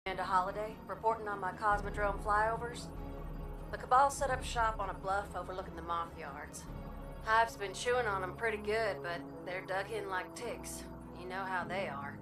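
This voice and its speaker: A woman's voice: medium pitch, normal speed, close to an everyday voice. An actress voicing a folksy female pilot with a sweet Southern US drawl, easygoing and frank, in a video game. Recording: game audio with music, heard from a distance.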